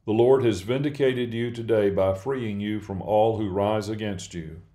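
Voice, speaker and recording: A man's voice: lowish voice, normal speed, warm tone, close to an everyday voice. A man reading the lines of a messenger announcing news to a king in a formal way.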